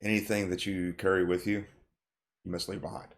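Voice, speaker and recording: A wry old servant who limps about and gives terse, dry instructions, as a man voices him. The voice is low and gravelly, as a game master plays him in a tabletop game. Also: level tone, a little fast. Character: limping old male servant, wry and guarded.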